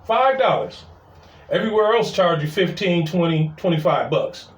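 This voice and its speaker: Animated male storyteller, high voice, casual; roomy, distant recording. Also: moderate pace. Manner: animated, repeats "I was like". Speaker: storyteller, city parking attendant.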